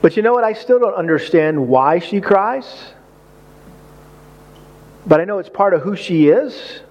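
High-voiced man preaching a sermon. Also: a little slow, muffled recording. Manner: animated storytelling, acts out his own reactions. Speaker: pastor. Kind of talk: sermon with personal story.

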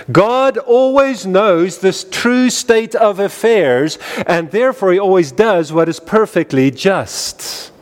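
A man preaching a sermon in an emphatic style, repeating phrases with wide rises and falls in pitch. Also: darkish tone. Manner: emphatic, repetitive cadence with wide swings in pitch.

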